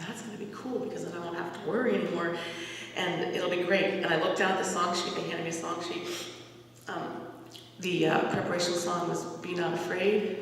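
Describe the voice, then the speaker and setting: A woman's voice: fairly low pitch, a little hiss or hum. A woman, a campus minister, telling a personal faith story at a retreat in an earnest, conversational way with frequent restarts. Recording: echoey hall recording from far off.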